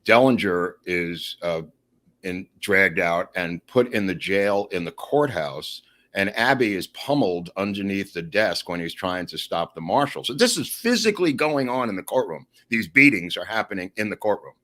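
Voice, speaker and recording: A man telling a long story in a casual podcast chat, animated and digressive, often acting out the quotes he tells. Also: deep voice, moderate pace.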